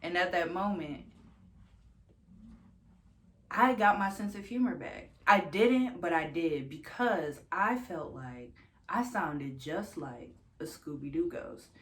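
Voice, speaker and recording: A woman's voice: expressive, takes it slowly. A young woman vlogging, telling a personal story in a casual, candid way, swearing freely and laughing between sentences. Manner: jumps much higher when quoting herself.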